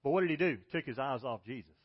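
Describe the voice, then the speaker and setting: A man preaching a sermon as pastor, telling stories and swinging between loud exclaims and quiet, hushed lines. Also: mid-range voice, lively intonation, rapid-fire, husky, muffled recording.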